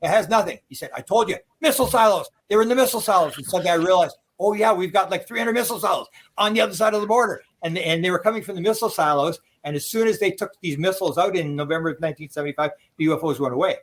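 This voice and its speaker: Fast-talking excitable older man storyteller. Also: high voice. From Canada. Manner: excitable, acts out quoted exclamations, frequent restarts and laughs. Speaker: UFO researcher telling stories. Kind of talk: animated storytelling interview.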